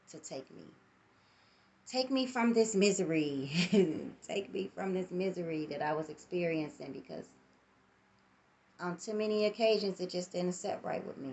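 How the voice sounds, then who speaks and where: A middle-aged woman speaks in a low, gravelly voice, reflective and blunt, with the odd curse. She is vlogging into a phone on a tripod in a candid personal monologue. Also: slight background noise.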